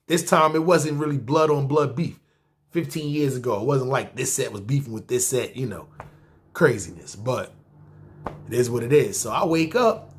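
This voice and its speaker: A man in his thirties with a New York accent, telling a long personal story in slangy casual talk and often checking in with the listener. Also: mid-range voice. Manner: slangy street talk, keeps asking "see what I'm saying". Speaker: storyteller host.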